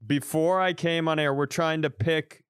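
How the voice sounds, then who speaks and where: A man's voice: on the high side, normal speed, clear, resonant tone. A man co-hosting a comedy podcast, telling stories with frequent laughter into a close studio mic. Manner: giggly, animated storytelling. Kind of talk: casual comedic chat.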